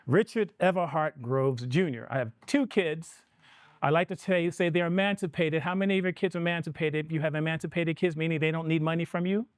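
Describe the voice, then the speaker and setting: A middle-aged man talks through a live seminar with an energetic, conversational delivery and keeps putting questions to the room. His voice sits a bit high for a man, and the sound is dry and close, with little room reflection. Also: no room sound. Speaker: financial planning presenter.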